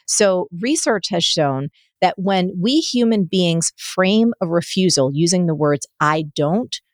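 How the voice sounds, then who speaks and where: A middle-aged woman, a guest on an interview podcast, telling stories in an energetic, animated way. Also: lowish voice, slow, dry recording.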